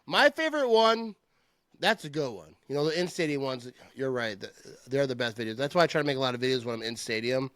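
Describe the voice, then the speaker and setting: A middle-aged man hosting a casual sports chat, animated and trash-talking, laughing often. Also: mid-range voice, fast, no echo. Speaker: podcast host.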